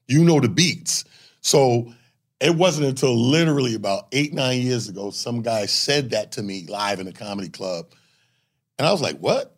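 A man in his forties tells comedy stories with lively swings in pitch and punchy, playful delivery. He jumps into other people's voices mid-story. It sounds like a relaxed interview chat with a stand-up comic. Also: normal speed. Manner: animated storytelling, acts out voices.

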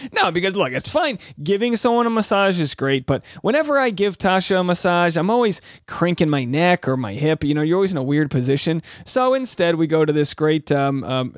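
A man's voice: fairly high pitch, dry recording, studio quality. A man hosting his own podcast as a stand-up comic, talking in an upbeat, jokey way with rambling asides. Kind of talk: energetic solo podcast chat.

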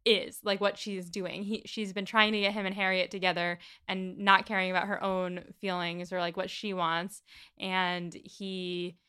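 A woman co-hosting a casual book discussion, retelling scenes in a chatty, animated way. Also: on the low side, normal speed, clear, resonant tone. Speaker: podcast co-host.

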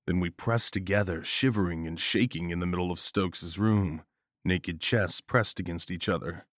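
Low-voiced man narrating horror, dry and close. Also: normal speed, dry recording. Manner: steady first-person storytelling.

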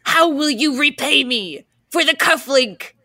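A woman voicing a vengeful female harpy who speaks slowly and menacingly. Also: high voice, animated, pushed and bright, no echo, studio quality, pitched above the performer's own voice, exaggerated voice. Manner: slow, menacing, theatrical.

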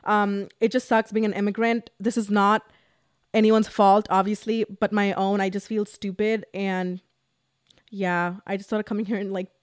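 A woman's voice: mid-range voice, flat delivery, moderate pace, no echo, clean studio sound. A young woman in her twenties, hosting a podcast and telling a casual, emotional storytime with lots of "like" and rambling restarts. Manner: rambling and emotional, heavy use of "like". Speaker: podcast host.

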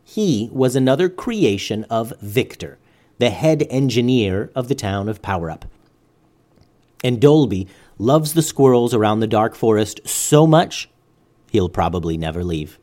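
Guy telling a bedtime story to kids, really animated, expressive voice. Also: mid-range voice, unhurried. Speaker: storyteller host.

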